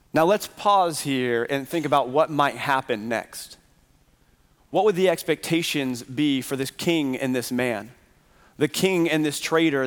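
Male pastor, earnest sermon delivery full of questions to the pews, voice a touch high, long hall reverb. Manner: earnest, poses rhetorical questions to the congregation. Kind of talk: Sunday sermon. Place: church sanctuary.

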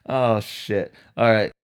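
A man hosting his own podcast, venting in a heated, profanity-laden rant and throwing rhetorical questions at his listeners. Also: medium pitch. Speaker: podcast host. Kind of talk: solo podcast storytelling rant.

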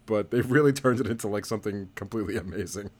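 A man's voice: fairly low pitch, fast talker, slightly rough. Chuckling man on a podcast. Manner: laughs often, wry jokes. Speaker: podcast guest. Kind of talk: casual chat.

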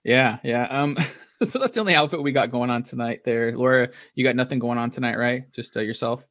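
A man's voice: mid-range voice, brisk, a bit bright. A man hosting a podcast in casual chat, rambling and laughing often. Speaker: podcast host.

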